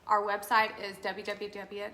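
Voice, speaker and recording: A woman co-hosting a casual chat with a Southern US accent, animated and agreeable, often chiming in. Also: medium pitch, unhurried, echoey room, a little hiss or hum. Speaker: podcast co-host.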